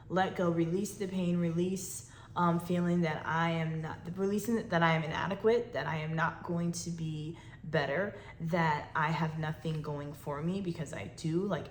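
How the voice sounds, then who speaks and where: A woman hosting a faith podcast, talking about personal pain, reflective and close to tears at times. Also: sits low. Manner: emotional, fighting tears, reflective. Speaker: podcast host. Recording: echoey room with faint noise.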